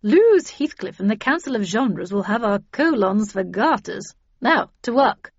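Heavily acted and very animated, a woman voices a sharp, dismissive old spinster mad about cars, in a brusque mood. Her medium-pitched voice is slightly rough and a little slow, recorded with no echo in dull, dry lo-fi audio.

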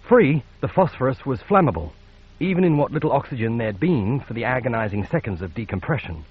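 A man narrating a science fiction audiobook in a measured, steady read. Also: medium pitch, breathy edge, narrow, tinny audio. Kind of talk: scripted narration.

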